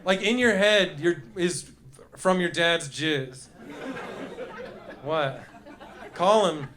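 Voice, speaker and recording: A young man doing live stand-up, riffing crudely with the crowd, often laughing and breaking into shouts, on a handheld stage mic. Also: fairly high pitch, drawn-out words. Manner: loose, crude, laughing through lines, shouting bursts. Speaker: stand-up comedian. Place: comedy club stage before a live audience.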